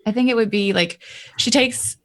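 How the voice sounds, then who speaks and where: A woman's voice: fairly high pitch, moderate pace. A woman player describing her character's actions in a tabletop game, rambling with many fillers.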